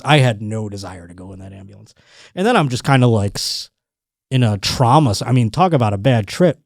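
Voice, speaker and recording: A man hosting a podcast, telling a rambling, animated story in casual chat. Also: medium pitch, fairly quick, dry recording, studio quality. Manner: rambling, animated storytelling with restarts and quoted voices. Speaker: podcast host.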